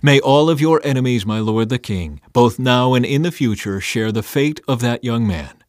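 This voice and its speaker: A man's voice: mid-range voice, lively intonation, normal speed, dry recording, studio quality, lightly acted. A man reading scripture aloud, voicing a foreign runner who addresses the king formally.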